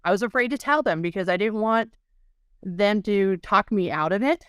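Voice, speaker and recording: A woman's voice: medium pitch, expressive, moderate pace, a bit bright, clear, resonant tone, dry recording, studio quality. A woman guest on an interview show, earnestly recounting her own experience as a patient. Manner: earnest, emotional storyteller. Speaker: dental implant patient guest. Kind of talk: personal story in podcast interview.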